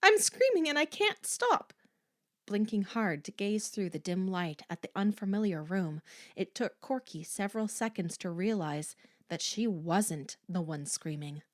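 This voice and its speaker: A woman narrating a horror audiobook in a slow, hushed, suspenseful manner. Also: on the low side, dry recording, clean studio sound.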